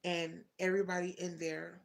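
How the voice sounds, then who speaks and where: A young woman with a gravelly, fry-laden voice tells a personal story to her livestream viewers. She talks in a heartfelt, rambling way and often stops to correct herself. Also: on the low side, flat delivery, moderate pace. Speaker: livestream host. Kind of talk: casual storytelling.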